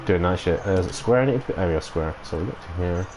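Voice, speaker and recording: A man streaming a video game, giving casual commentary, excitable and sweary, breaking into loud laughs and whoops. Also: sits low, racing, noisy background. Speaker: gaming streamer.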